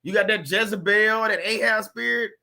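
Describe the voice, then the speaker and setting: A man speaks as host of a faith-based channel, in a loose, conversational style that turns preachy. He asks his viewers rhetorical questions and talks right at them. His voice sits high and has a very bright, sharp edge. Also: moderate pace, gravelly. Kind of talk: casual preachy commentary.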